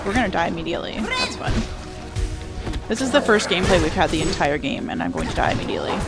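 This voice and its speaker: Loud music plays behind a young woman who streams a game, reading chat and responding in a chatty, playful way. Her lowish voice races along with vocal fry and wildly swooping pitch.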